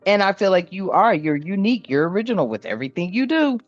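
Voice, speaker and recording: A woman's voice: medium pitch, very animated, quick pace, dry recording, muffled recording, soft background music. A woman giving a casual spiritual card reading, blunt and profane, laughing often as she talks.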